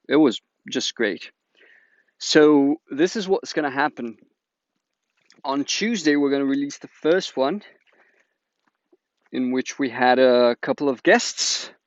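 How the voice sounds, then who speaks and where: A man's voice: medium pitch, no room sound. A man, hosting an agroforestry channel and giving a chatty, enthusiastic announcement to viewers. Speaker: agroforestry teacher, channel host. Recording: dull lo-fi dry recording.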